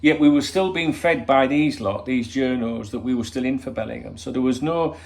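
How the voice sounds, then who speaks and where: A man's voice: medium pitch, normal speed, gravelly, a little mellow. A man hosting a football channel, talking in a rambling, swear-laden opinion monologue full of rhetorical questions.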